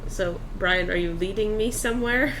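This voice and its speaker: A woman's voice: mid-range voice, normal speed, a bit bright, a little hiss or hum, poor audio. A woman playing a tabletop game casually, making dry, matter-of-fact remarks. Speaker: player.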